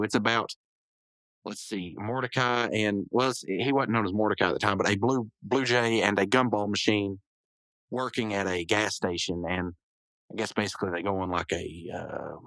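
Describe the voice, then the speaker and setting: A man's voice: fairly low pitch, a bit bright, no echo, low-quality recording. Rambling man recapping a cartoon. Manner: rambling, self-correcting, full of hedges and asides. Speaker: podcast host. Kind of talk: casual episode recap.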